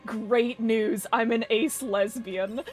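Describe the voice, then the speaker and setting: A woman's voice: on the high side, steady tone, very slow, darkish tone, faint music behind. Chatty young woman streaming a game. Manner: chatty, rambling, swearing, laughing often. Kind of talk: casual gameplay commentary.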